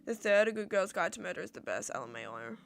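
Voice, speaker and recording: A woman's voice: mid-range voice, sing-song, fast talker, creaky, slight background noise. A young Australian woman chatting casually on a livestream, answering viewer questions in a rambling way and acting out little exchanges with her friends.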